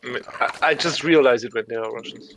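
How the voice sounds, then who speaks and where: A man's voice: mid-range voice, brisk, a bit bright. Rambling man, clicky noisy mic. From Germany. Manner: rambling, loose and talkative, swears casually. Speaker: streamer. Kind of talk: casual chat while streaming a game.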